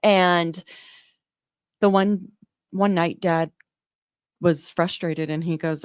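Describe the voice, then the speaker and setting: A woman working in newborn care, earnestly telling an animated story in an interview, acting out the dialogue. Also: on the low side, slow pace, long pauses, dry recording, studio quality. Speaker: neonatal medical provider, guest.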